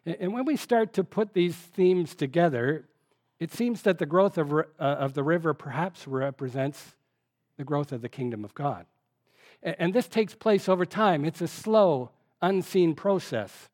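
A man's voice: a little high, expressive, moderate pace, a little mellow. A man preaching a teaching sermon, reading scripture aloud and talking with the congregation in a conversational way.

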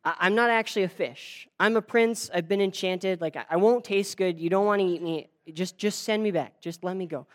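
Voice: medium pitch, brisk, hardly any pauses, natural voice. A speaker voicing an enchanted talking fish prince. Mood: pleading. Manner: casual, pleading.

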